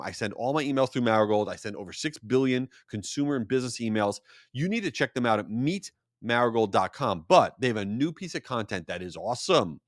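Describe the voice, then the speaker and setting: A man hosting a solo podcast, telling stories in an animated, jokey way with self-deprecating asides. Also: medium pitch, no room sound, studio quality. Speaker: podcast host.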